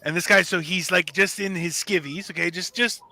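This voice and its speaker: Bright, high-voiced man telling a story. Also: moderate pace, creaky, no room sound, low-quality recording. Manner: animated storyteller, swearing, checks in with "okay?". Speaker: co-host. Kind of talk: casual live-stream chat.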